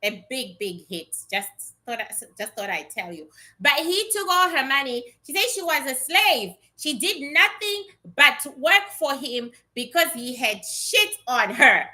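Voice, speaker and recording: A woman's voice: high-pitched, sing-song, unhurried, sharp tone. A woman giving a casual, blunt psychic reading to her viewers, chatty and swearing freely. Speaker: psychic reader.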